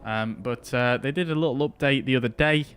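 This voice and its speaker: Chatting casually with his chat as he flies a flight simulator, a man gives relaxed live-stream commentary. His medium-pitched voice is fairly bright and clean, and he speaks a little fast.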